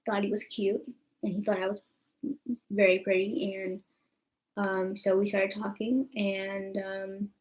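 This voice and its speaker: A woman's voice: medium pitch, darkish tone, low-quality recording. A young woman telling a story to her camera in a rambling, chatty way, full of fillers. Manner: chatty, rambling, full of fillers like "you know what I'm saying". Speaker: vlogger.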